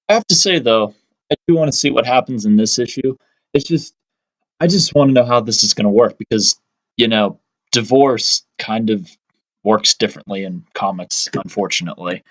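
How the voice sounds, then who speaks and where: A man co-hosting a casual comics podcast, feeling his way through each point with ums and "basically". His voice is mid-pitched and plain. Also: a bit bright, rough recording. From Pennsylvania, US. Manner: hesitant, leaning on "basically" and "um". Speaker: podcast co-host. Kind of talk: casual chat.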